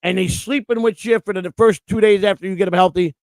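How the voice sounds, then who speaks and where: A man's voice: sits high, fairly even intonation, fast, no echo. A man co-hosting a casual live stream, talking bluntly and profanely in long rants. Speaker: co-host.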